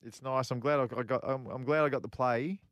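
A man's voice: mid-range voice, steady tone, a little fast, dry recording, highs cut off. A middle-aged man co-hosting a radio chat, telling long rambling stories full of repeats and fillers. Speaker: co-host and former pro golfer. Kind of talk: casual radio chat, storytelling.

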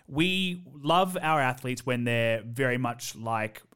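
A man hosts a relaxed podcast conversation, speaking in a mid-range voice. He talks with strong opinions, rushing through some points and drawing out others for emphasis. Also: mid-range voice, clean tone. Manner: opinionated, animated speeding up and slowing down. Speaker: podcast host. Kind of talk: casual podcast chat.

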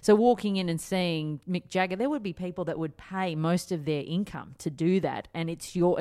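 A woman hosting a podcast interview, asking reflective questions in a relaxed conversational way. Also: sits low.

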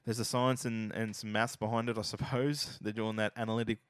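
A man's voice: fairly low pitch, little pitch movement, a little fast, dry recording. An Australian man co-hosting a basketball podcast in casual, profane, opinionated chat. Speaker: podcast co-host.

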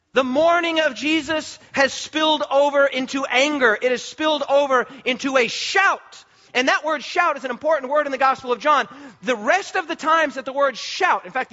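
High-voiced impassioned male preacher. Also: dull audio. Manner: impassioned, rising to shouts, repeats phrases for emphasis. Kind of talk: sermon.

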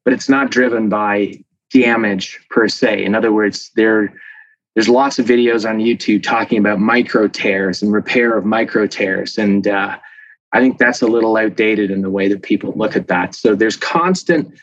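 A man who is a professor, explaining things as a guest in a casual interview with a lively, chatty manner and many fillers. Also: fairly low pitch, normal speed, dry recording. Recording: dull dry lo-fi sound.

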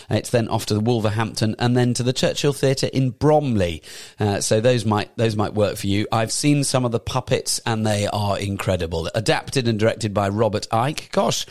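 A man's voice: on the low side, no echo, clean studio sound. Chatty enthusiastic man on theatre news. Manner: enthusiastic, rambling, self-correcting with asides. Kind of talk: casual chatty show roundup.

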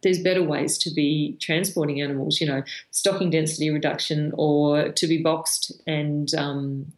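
A woman's voice: low-pitched, fairly even intonation, normal speed. An Australian woman, a veterinarian guest, frankly telling stories from her work in an interview, with many fillers and restarts. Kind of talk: conversational storytelling interview. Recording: roomy echo.

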